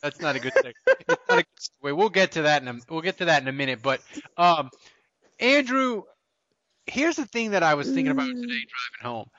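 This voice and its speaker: A man hosting a casual podcast, rambling and correcting himself as he talks, quick to laugh. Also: sits high, expressive, a bit bright, no room sound. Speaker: podcast host. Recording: dull lo-fi podcast audio.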